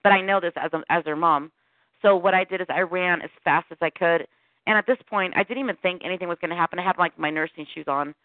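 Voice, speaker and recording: A middle-aged woman calls in as a guest and tells her story in a lively way, voicing the people in it. The sound is thin and phone-like. The recording is dry and close, with no room sound. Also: fairly low pitch, quick pace, dry recording. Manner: animated storytelling with quoted dialogue. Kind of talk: recounting a personal encounter. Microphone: phone call. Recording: tinny phone line.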